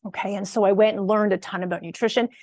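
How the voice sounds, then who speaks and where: A woman's voice: mid-range voice, fairly even intonation, fast, a little mellow, no room sound. A woman in her forties, a fitness and nutrition coach, talking straight to her audience in an earnest, emphatic way and often restarting her sentences. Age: 40s. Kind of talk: casual direct-to-camera monologue.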